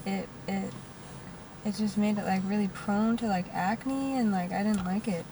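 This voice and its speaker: A woman's voice: medium pitch, steady tone, normal speed, mellow, distant mic, a little hiss or hum, low-quality recording. A young woman co-hosting a podcast in a car, talking casually with fillers and a bit of swearing. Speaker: podcast co-host. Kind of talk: casual chat. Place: inside a car.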